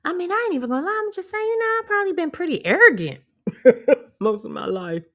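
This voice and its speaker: A woman's voice: extremely high pitch, sing-song, fast, sharp tone. A woman vlogger giving a casual motivational rant to viewers. She is blunt and profane, sassy, and laughs often. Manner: sassy, talks straight to viewers. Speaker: empowerment vlogger.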